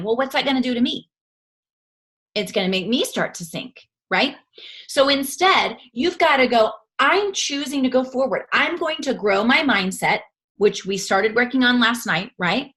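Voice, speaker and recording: A woman's voice: high voice, lively intonation, moderate pace, fairly bright tone. A woman in her thirties giving a motivational talk to her team as its leader. She coaches earnestly and acts out the voices she quotes.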